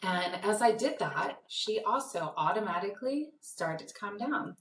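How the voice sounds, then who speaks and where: A woman parenting coach answering interview questions in a lively way, acting out the voices in her stories. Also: medium pitch, unhurried, slight background noise. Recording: echoey room, distant mic.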